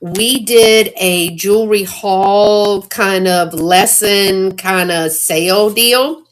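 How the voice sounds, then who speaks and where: A woman's voice: mid-range voice, takes it slowly. Chatty woman hosting a live sale. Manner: chatty, excitable, greets viewers by name. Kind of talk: casual live-stream selling chat.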